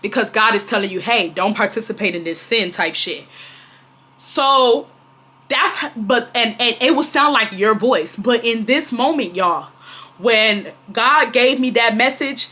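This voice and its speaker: A woman's voice: a little high, slow, pushed and bright. A young woman, telling a storytime vlog in an emphatic way, repeating herself and talking straight to her viewers. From Houston, Texas. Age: 20s. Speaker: vlogger. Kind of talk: casual storytime monologue.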